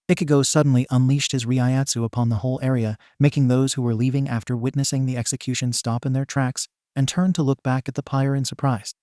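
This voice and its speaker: A man narrating a fan fiction story in a steady, even storytelling manner, recorded on a close mic. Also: mid-range voice, a little fast, few pauses, no echo.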